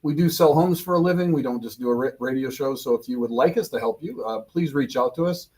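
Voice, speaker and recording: A man's voice: mid-range voice, fast talker, a little mellow. A man co-hosting a live radio talk show in a studio, talking in a friendly, chatty way and repeating phrases. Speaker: radio co-host and real estate agent.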